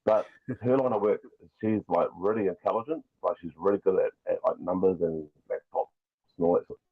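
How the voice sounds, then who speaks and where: A man's voice: low-pitched, fairly quick, breathy edge. A man with a New Zealand accent, chatting casually and rambling as a podcast guest over a video call. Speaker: guest toy customizer. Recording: tinny phone-like call line.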